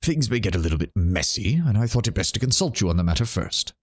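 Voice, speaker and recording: A man's voice: on the low side, big pitch swings, fast, breathy edge. A man reading aloud the lines of a brutal-tempered lord who is haughty and dismissive.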